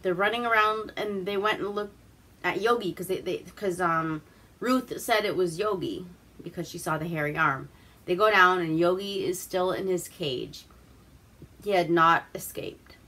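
A woman's voice: fairly low pitch, moderate pace, bright, forceful tone. A woman from Alaska hosting a casual movie recap, rambling, swearing and laughing as she goes. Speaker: host.

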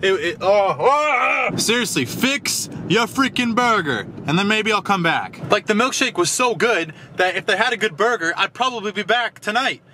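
A young man vlogging a casual food review, animated and ranting with loud exclamations. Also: high voice, normal speed, few pauses, slight background noise. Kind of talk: casual vlog chat.

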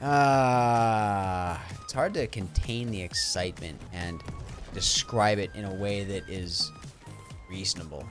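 Young man, gaming commentary, excitable, chatty, faint game music behind. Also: on the low side, takes it slowly. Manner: excitable, chatty, swings between loud hype and muttering. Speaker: gaming YouTuber. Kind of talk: casual gameplay commentary.

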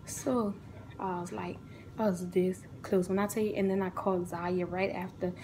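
Lively young woman telling a storytime. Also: lowish voice, moderate pace, a little hiss or hum, rough recording. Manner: animated, acts out the people in her story. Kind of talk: casual storytime vlog.

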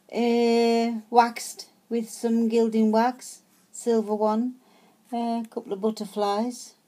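A woman talks through her handmade craft tags in a casual, chatty way. She speaks slowly with a warm, mellow tone, often stumbling over words and restarting. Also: fairly high pitch, flat delivery. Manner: chatty, hesitant, many fillers and restarts. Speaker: craft vlogger. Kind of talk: casual show-and-tell.

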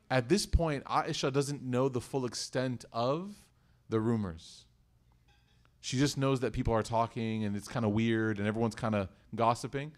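A man telling a religious story to a congregation, animated, swinging between loud emphasis and hushed asides. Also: medium pitch, measured pace. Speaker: community religious speaker.

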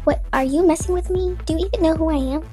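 Bratty celebrity rival in a video game, played by a woman, sassy, pushy, high and loud. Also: quick pace, soft background music. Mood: demanding. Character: bratty, demanding young female celebrity rival.

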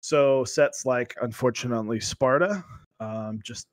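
Male co-host, casual, filler-heavy, average pitch, dry close sound. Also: unhurried, dry recording. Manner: loose and chatty, many fillers. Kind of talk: casual chat.

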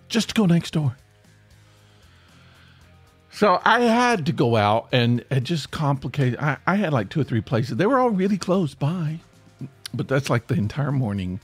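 A man hosting a casual solo podcast, hoarse with his voice nearly gone, rambling and grumpy in a joking way. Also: medium pitch, very animated, measured pace, pauses often, dry recording, soft background music. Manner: rambling, self-interrupting, grumpy humor. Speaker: podcast host. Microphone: podcast microphone.

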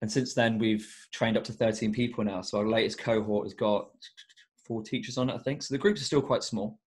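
Young man, education coach, low voice, earnest, reflective, lots of fillers. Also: steady tone, brisk. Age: young adult. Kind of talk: casual podcast interview.

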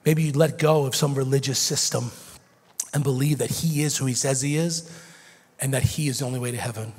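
A man preaching a sermon as pastor in a church, moving from quiet teaching to loud, shouted preaching. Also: mid-range voice, fairly quick, breathy edge. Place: church sanctuary. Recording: long hall reverb.

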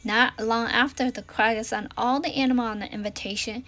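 A woman reading a children's storybook aloud in an expressive way, swinging between loud and hushed. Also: on the high side, fast, few pauses. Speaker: storybook reader.

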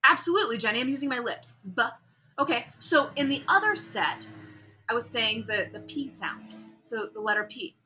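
A woman with a bright, forward voice teaches a speech class. She swings her pitch up and down to show contrast and calls on students with questions. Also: brisk, faint music behind. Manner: animated, demonstrates pitch and emphasis, asks students questions. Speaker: speech instructor. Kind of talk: classroom lecture.

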